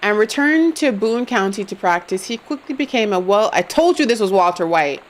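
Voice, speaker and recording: A woman's voice: mid-range voice, lively intonation, normal speed, poor audio. A young woman streaming a game live, joking around and talking to her chat. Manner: playful, jokey, talks to chat. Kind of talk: live gameplay commentary.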